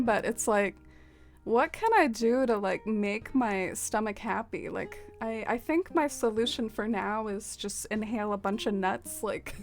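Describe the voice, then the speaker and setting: A woman hosting a casual game livestream, chatting with viewers, with lots of fillers and frequent laughs. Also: a little high. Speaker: livestream host. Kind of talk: casual livestream chat while playing a game.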